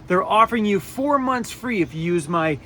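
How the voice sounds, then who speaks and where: A man's voice: sits high, normal speed, a little hiss or hum. A Canadian man chatting casually and energetically in a vlog, joking as he goes. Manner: upbeat, jokey, energetic. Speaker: vlogger.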